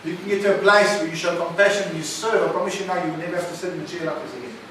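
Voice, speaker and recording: A man's voice: high voice, fairly even intonation, rapid-fire, background noise. A man preaching a sermon, emphatic and often questioning his listeners. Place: recovery centre meeting room. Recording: echoey room, mic at a distance.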